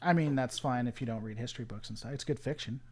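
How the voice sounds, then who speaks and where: A man's voice: medium pitch, background noise. A man running a tabletop game as game master, chatting casually and teasing the players. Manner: joking, quick to tease.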